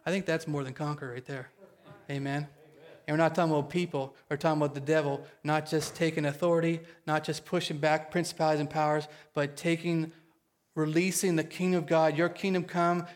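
A male pastor preaching a sermon, emphatic and calling for amens, leading the congregation in slow recited faith declarations. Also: on the high side, flat delivery. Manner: emphatic, calls for amens, leads recited declarations slowly and loudly.

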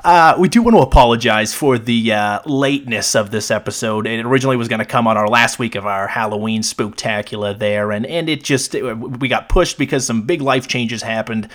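A man's voice: mid-range voice, brisk, few pauses, fairly bright tone. Sarcastic, laughing male podcast co-host. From Maine. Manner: laughing, sarcastic, swears freely. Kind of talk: casual chat.

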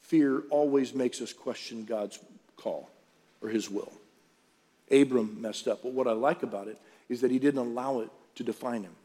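Pastor preaching in a reverberant hall. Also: male voice, medium pitch, normal speed, mellow. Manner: conversational preaching, jokes with the congregation. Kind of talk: sermon. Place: church service. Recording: long church-hall reverb.

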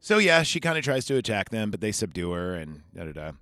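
A man's voice: on the low side, sing-song, quick pace, pushed and bright, no echo, studio quality. A man hosting a podcast, recapping a film in a rambling, chatty way full of fillers and asides. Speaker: podcast host reviewing a film. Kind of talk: casual chat. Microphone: podcast microphone.

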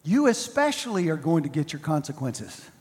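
A male pastor delivering a sermon, with emphatic repetition and slow, drawn-out stresses. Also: on the high side, sing-song, darkish tone, big-room sound.

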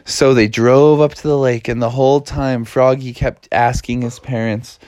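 A man's voice: mid-range voice, fairly even intonation, moderate pace, a little mellow, no echo. A man narrating a read-along children's story in a casual, playful way.

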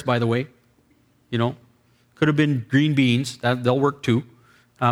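A man who is a pastor telling a deliverance-prayer story in a sermon, acting out the dialogue with lively asides. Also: a little high.

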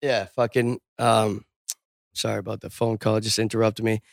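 A man's voice: on the low side, little pitch movement, normal speed, gravelly, dry recording, studio quality. A man co-hosting a casual podcast, rambling loosely and swearing freely. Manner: loose, profane, wandering. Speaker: podcast co-host. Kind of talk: casual crude chat.

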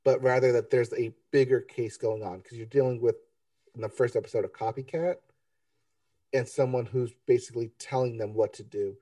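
Laid-back podcast guy reviewing tv, warm low tone, a bit far from the mic. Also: fairly even intonation, brisk, dry recording. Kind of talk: casual chat.

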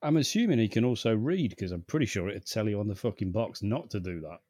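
A man's voice: lowish voice, animated, fast, warm tone, breathy edge, no echo, clean studio sound. A man co-hosting a podcast, chatting casually with sarcastic, sweary banter. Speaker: podcast co-host. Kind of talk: casual chat.

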